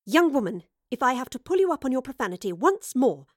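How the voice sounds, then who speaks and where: A woman's voice: on the high side, expressive, brisk, dry recording, clean studio sound, natural voice. A woman voicing a prim, formal old-fashioned young lady who scolds bad language in an audiobook.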